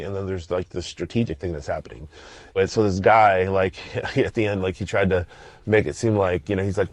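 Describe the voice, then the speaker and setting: A middle-aged man talks through his podcast in a loose, slangy ramble full of restarts and fillers. His voice sits low, and the sound is dry and close with no room around it. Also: no room sound. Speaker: podcast host. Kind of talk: casual solo podcast talk.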